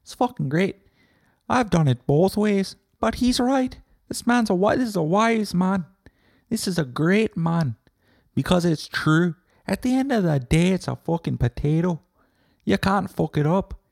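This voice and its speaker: A man voicing an excitable drunk Irish potato farmer fan, with a put-on Irish accent that slips toward Scottish, gushing and swearing. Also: high voice, unhurried, creaky, no room sound, studio quality, voice pushed up, heavily acted. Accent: put-on Irish drifting Scottish.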